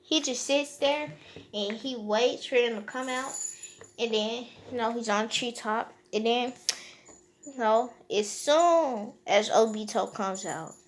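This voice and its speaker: A woman's voice: on the high side, a little slow. Rambling woman telling a fan story. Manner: rambling, full of "you know" fillers and joking asides. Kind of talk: unscripted casual retelling.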